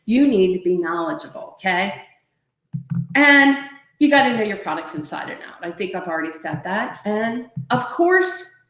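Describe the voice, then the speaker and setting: A woman sales trainer with a somewhat high voice delivers an emphatic, motivational talk, often repeating her points. She speaks over a webcam stream. The room around her has a noticeable echo. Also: fairly bright tone. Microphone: webcam or laptop mic on a live video stream. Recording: roomy echo.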